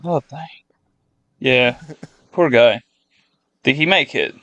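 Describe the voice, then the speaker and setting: A man's voice: medium pitch, takes it slowly, a bit bright, no echo, highs cut off. A man co-hosting a casual podcast, with a British or Australian accent, throwing in dry teasing wisecracks. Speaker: podcast co-host.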